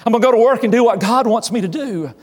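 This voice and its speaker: A man's voice: very high voice, fast talker, big-room sound. A male pastor delivering an earnest sermon in a church, often repeating his phrases. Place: church sanctuary.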